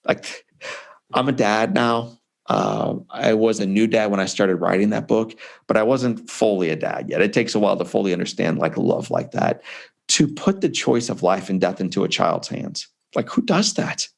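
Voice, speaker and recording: A man in his forties, an author and speaker, tells his personal story in an interview with emphatic, conversational energy. His gravelly voice sits on the low side, very animated, at a normal speed.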